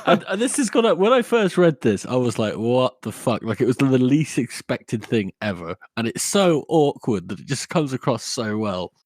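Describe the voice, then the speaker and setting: A man co-hosting a podcast, chatting casually about a book with quick, giggly reactions. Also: medium pitch, big pitch swings, no room sound, clean studio sound. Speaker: podcast co-host.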